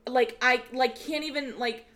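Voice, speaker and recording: A young woman co-hosting a casual podcast, gushing and excitable, swearing freely. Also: high voice, normal speed. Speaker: podcast co-host. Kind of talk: casual chat.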